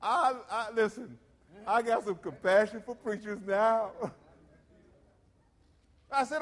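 A middle-aged man preaches with emphatic call-and-response. His voice sits high for a man. The sound carries a long reverb from the church hall. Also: slow pace, pauses often, fairly bright tone. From South Carolina. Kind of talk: sermon.

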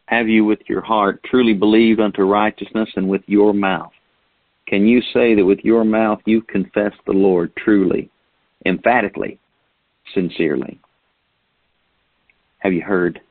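A man's voice: lowish voice, fairly even intonation, measured pace, long pauses, no echo. A man preaching a sermon, asking rhetorical questions and reading scripture aloud. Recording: tinny phone-like sound.

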